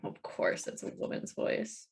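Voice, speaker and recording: A woman playing in a tabletop game, chatting casually. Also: moderate pace. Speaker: player.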